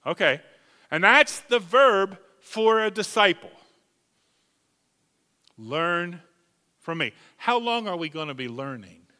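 A man preaching a sermon emphatically, rising to loud calls and dropping to hushed asides. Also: high voice, lively intonation, moderate pace. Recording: long hall reverb.

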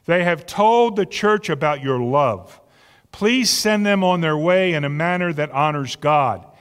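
A man's voice: a little high, animated, unhurried, fairly bright tone, smooth. A man preaching a sermon as pastor, earnest and conversational, often repeating words as he goes. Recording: long reverb of a large hall.

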